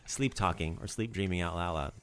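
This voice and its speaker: A man's voice: low voice, normal speed, slight background noise. A man hosting a casual language lesson, joking and coaching pronunciation. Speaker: language teacher host.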